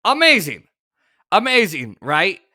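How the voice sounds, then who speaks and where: Animated, sarcastic male political commentator. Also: high voice, measured pace. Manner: animated, sarcastic, exasperated, shouts in bursts.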